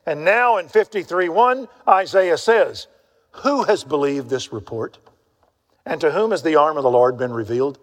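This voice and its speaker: A man preaching a sermon with a somewhat high voice. He tells Bible stories in a folksy way, acts out the characters, and swings between loud bursts and hushed asides. His voice carries a long reverb from a church hall. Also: moderate pace.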